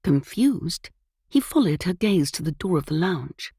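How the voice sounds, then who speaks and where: A woman narrating a cozy period mystery, lively and expressive with wide swings in pitch. Her voice sits low and breathy, recorded dry and close. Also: measured pace, no echo. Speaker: audiobook narrator.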